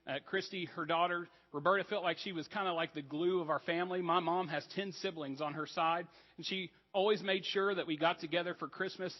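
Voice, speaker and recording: Guy preaching in a church, kinda high voice, long echo, bit muffled, chatty and earnest. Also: steady tone, brisk, hardly any pauses. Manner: conversational, earnest preaching with asides. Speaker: pastor. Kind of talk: sermon. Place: church sanctuary.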